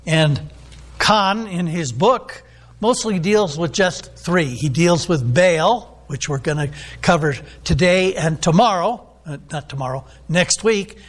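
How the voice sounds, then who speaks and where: A man preaching a sermon, teaching in a loose, rambling way with many ums and restarts. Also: high voice.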